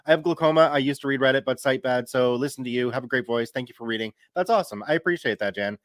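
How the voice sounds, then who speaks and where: Talking fast in a mid-range voice, a streamer and story reader in his thirties reads viewer comments aloud during a casual live stream and laughs easily. There's no room sound, and the quality is studio grade.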